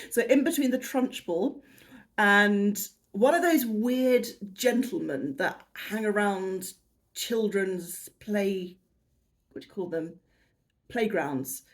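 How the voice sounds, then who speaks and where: A woman's voice: medium pitch, animated, slow. A British woman in her fifties talks to camera in a loose, wandering vlog style. She pokes fun at herself and laughs at her own detours. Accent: British English. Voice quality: chatty and self-deprecating, laughing at her own tangents. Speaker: haul vlogger. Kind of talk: rambling casual chat to camera.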